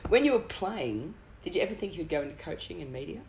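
A woman's voice: fairly low pitch, sing-song, fast talker, a little mellow, echoey room, a little hiss or hum, rough recording. A woman hosting an interview, prompting with questions and laughing along. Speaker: podcast host. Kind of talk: casual interview.

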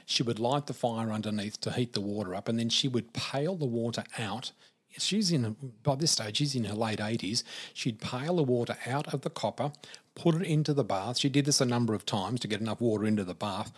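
Husky-voiced Australian man telling stories. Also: medium pitch. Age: 50s. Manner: unhurried, vivid storyteller. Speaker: podcast guest. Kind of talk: personal storytelling.

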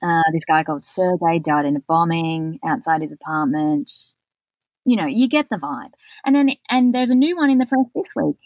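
A woman's voice: deep voice, moderate pace, a little mellow, dry recording. A woman co-hosting a podcast, chatting casually and running through a list of facts with fillers. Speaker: podcast co-host. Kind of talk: casual chat.

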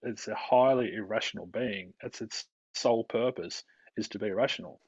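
A man, a mental health practitioner explaining his work in a calm, steady way during a podcast interview. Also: on the low side, moderate pace, husky, dry recording. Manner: calm, explanatory, with light laughs. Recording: dry, dull lo-fi recording.

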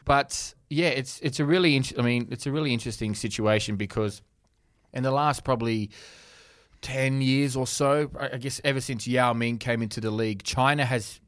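A man's voice: mid-range voice, moderate pace, a bit bright, dry recording, clean studio sound. A man hosting a casual sports podcast, chatty, laughing easily and often restarting his sentences. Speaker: podcast host.

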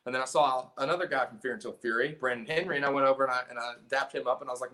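Racing along with hardly any pauses, a man with a bright, forceful mid-range voice tells a story on a podcast. He's the singer and guitarist of a punk band from South Carolina, and his telling is casual, profane, rambling, and full of restarts.

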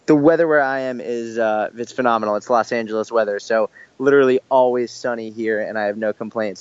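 A man's voice: medium pitch, fairly quick, few pauses, clean tone, dull audio. A man, a fitness coach guest, talking casually and energetically. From Boston, USA. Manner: energetic, casual, says "like" a lot. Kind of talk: casual interview chat.

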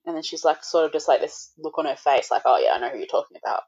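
Low-voiced woman telling her birth story candidly. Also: fast talker, darkish tone, husky, highs cut off. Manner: candid, full of "like", swears now and then. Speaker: guest. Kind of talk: recounting a personal birth story.

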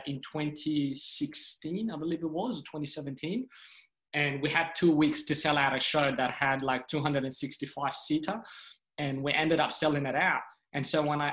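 A young man from Sudan, a stand-up comedian, telling stories in a casual, animated way and acting out the voices of people he quotes. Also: on the high side, poor audio. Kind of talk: casual storytelling chat.

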